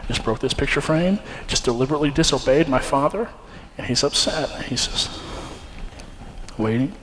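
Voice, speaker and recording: A man's voice: medium pitch, animated, moderate pace, fairly bright tone, slight background noise. A young man preaching a sermon, telling a personal story in an earnest, conversational way with frequent fillers and restarts. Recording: long hall reverb, faint ambience.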